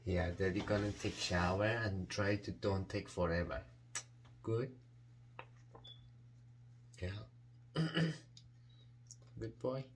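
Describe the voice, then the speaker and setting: A man's voice: deep voice, slow pace, long pauses, a little hiss or hum. A man at home coaxing his pet bird in repetitive baby talk, asking the same questions over and over. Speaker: pet owner.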